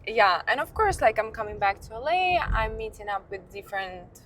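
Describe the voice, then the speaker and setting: A woman's voice: on the high side, lively intonation, normal speed, a bit bright, a little hiss or hum. A young woman vlogger telling a candid, sweary story to her phone camera while driving her car. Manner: candid, swears freely, laughs at herself. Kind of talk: storytime vlog.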